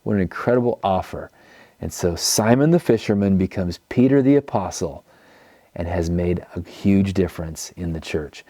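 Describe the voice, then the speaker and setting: A man's voice: lowish voice, dark tone, dry recording, clean studio sound. A man preaching a teaching sermon, telling the story and acting out quoted speakers. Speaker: pastor.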